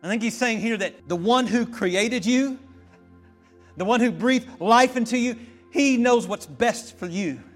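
Male pastor, high voice, fervent sermon delivery, faint music behind. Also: unhurried. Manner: impassioned preaching, rising to shouts, then calm teaching.

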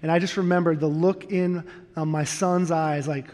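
A man's voice: fairly high pitch, fairly even intonation, normal speed, darkish tone. A middle-aged man preaching a sermon, telling a personal story candidly and earnestly, with self-deprecating humor. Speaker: pastor. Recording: long reverb of a large hall.

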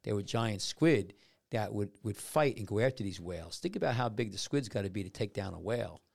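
A man's voice: fairly low pitch, expressive, a little fast, gravelly. A man on a casual podcast answering trivia, rambling with many restarts and fillers.

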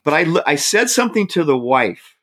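As a guest in casual talk, this Bay Area man tells a lively story, laughing while he voices what others said. His pitch runs on the high side and he speaks fairly quickly.

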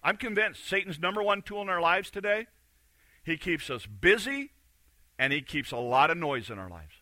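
A man's voice: on the high side, animated, normal speed, pushed and bright, dry recording. A man preaching a sermon in a conversational, emphatic way, repeating key phrases. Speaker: pastor.

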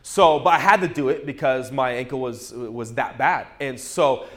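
A male pastor preaching a sermon through a humorous, animated personal story, often restarting his words. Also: medium pitch, moderate pace.

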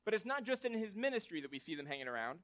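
A pastor preaches a sermon in a casual, conversational manner, frequently checking in with listeners using tags like "right?" and acting out short quotes as he tells the story. His voice is high and he races along.

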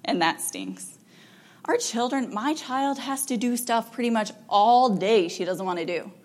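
A woman counselor giving an informal talk to parents, chatty and animated, with frequent ums and laughs, acting out what parents and children say. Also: fairly high pitch, normal speed. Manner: animated, acts out quoted parent and child lines.

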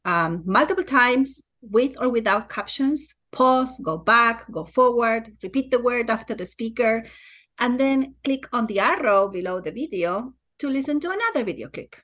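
A woman's voice: fairly high pitch, expressive, normal speed, fairly bright tone. A woman researcher enthusiastically and fluently explaining a learning tool in an interview. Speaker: guest, pronunciation researcher. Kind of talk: academic interview answer.

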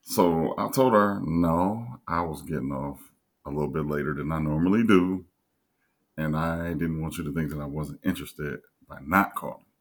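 Co-host, very low-voiced man, husky, young, animated storyteller. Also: moderate pace. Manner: animated, acts out other voices in a high pitch. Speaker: podcast co-host. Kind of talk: casual storytelling chat.

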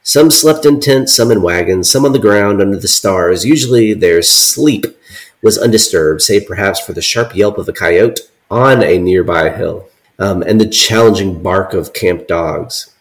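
A man co-hosting a podcast, reading an old account aloud with deadpan asides. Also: low voice, unhurried, poor audio. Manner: deadpan, reads quotes with dry asides. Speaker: podcast co-host.

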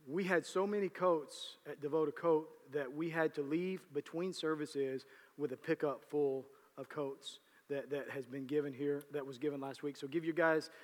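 A man's voice: on the high side, steady tone, normal speed. A man preaching as pastor, moving from casual, joking announcements into an emphatic sermon. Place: church sanctuary. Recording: reverberant church hall.

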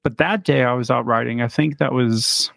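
With a creaky, slightly bright voice of medium pitch, this podcast co-host from Chicago speaks at an ordinary pace with no echo around him. His casual chat meanders, packed with fillers and laughter.

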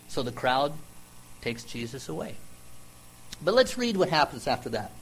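A man's voice: mid-range voice, big pitch swings, a little hiss or hum, low-quality recording. Earnest conversational man preaching. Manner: conversational, emphatic storytelling with dramatic pauses. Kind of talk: sermon.

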